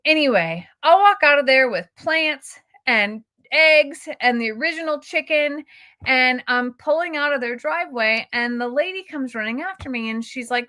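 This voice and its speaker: Chatty bright-voiced woman. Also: high-pitched, expressive, normal speed, no room sound. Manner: chatty, emotional, quotes people in her stories. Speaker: YouTuber. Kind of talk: casual storytelling vlog.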